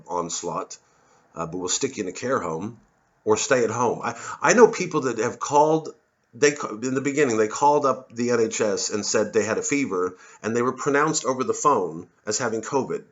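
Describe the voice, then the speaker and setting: A man rambles through a satirical monologue, sardonic and quick to swear. His voice sits low. The recording is muffled and lo-fi. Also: fairly bright tone. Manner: sardonic, swearing, mocks others in put-on voices. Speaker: comedian and satirist.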